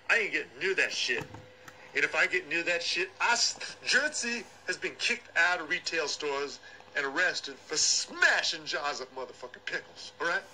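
A man's voice: high voice, pushed and bright, a little hiss or hum, heavily acted, poor audio. A man voicing a brash, foul-mouthed hothead who rants profanely in a comedy phone message. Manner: profane, aggressive ranting.

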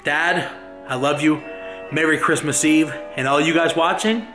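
A young man hosting the video, giving a relaxed, chatty introduction with some affection. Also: fairly high pitch, measured pace, music in the background. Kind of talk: casual introduction.

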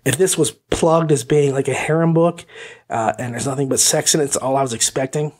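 A man's voice: medium pitch, steady tone, brisk, darkish tone. A man hosting an audiobook review podcast, talking casually in a rambling, goofy way. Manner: rambling, goofy, with hummed pretend music. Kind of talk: casual chat.

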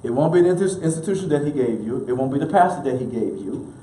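A man's voice: medium pitch, lively intonation, fast, mellow, slight background noise. A male minister preaching a sermon with emphatic repetition, leading the congregation to repeat lines back, sometimes chuckling. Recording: roomy echoey room.

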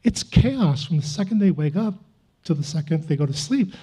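A man's voice: fairly high pitch, animated, moderate pace, warm tone, husky. A man preaching a sermon as a pastor, telling a personal testimony in an earnest, confessional way with self-mocking chuckles.

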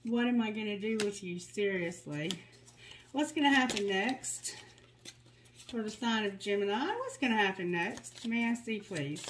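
A woman's voice: medium pitch, animated, normal speed, slight background noise, rough recording. A woman giving a tarot reading, reading card messages aloud in a soothing, guiding way, with candid, joking asides. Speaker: tarot reader.

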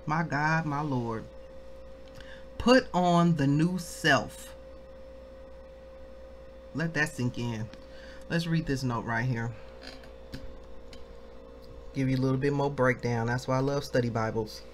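A woman in her thirties with a very deep voice leads an informal Bible study, reading passages slowly with long pauses. She exhorts listeners, exclaims, and asks questions she answers herself. A little hiss or hum is audible.

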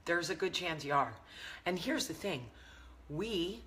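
A woman's voice: on the low side, lively intonation, measured pace, fairly bright tone, slight background noise. A woman in her thirties with a New York-area accent, talking candidly to camera as a vlog host. She is blunt and self-mocking and swears freely. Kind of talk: casual chat to camera.

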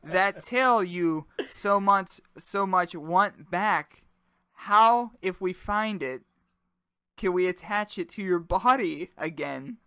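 A man's voice: high-pitched, slow pace, pushed and bright, clean tone, dry recording, pitched above the performer's own voice, full character voice. A man playing a baffled fisherman, speaking in earnest, over-formal storybook style. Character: baffled lowly human fisherman.

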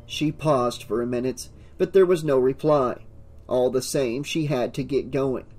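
A man narrating an audiobook in a steady, measured reading. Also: medium pitch, soft background music.

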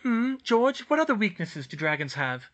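A man voicing a bossy, clever teenage witch girl in an audiobook reading, insistent and brisk. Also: high-pitched, very animated, fairly bright tone, pitched above the performer's own voice. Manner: brisk, insistent, rises to shrieks. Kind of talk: audiobook reading of fan fiction.

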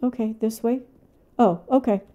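An older woman hosting a gaming channel, talking herself through a tense game in casual commentary, dropping to hushed whispers and then bursting out loud. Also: a little high, normal speed, dull audio. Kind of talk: casual let's-play commentary.

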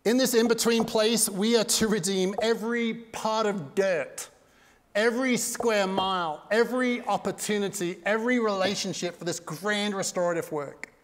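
A high-voiced male pastor preaches a sermon with passion at a moderate pace, swinging between loud and hushed. The church sanctuary lends his voice a long hall reverb.

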